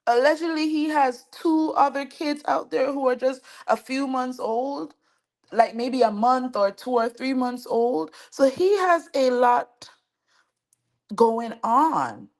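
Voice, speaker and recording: A woman hosting a celebrity gossip show, giving chatty, animated commentary and talking straight to her viewers. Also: high-pitched, takes it slowly. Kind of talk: casual commentary to camera.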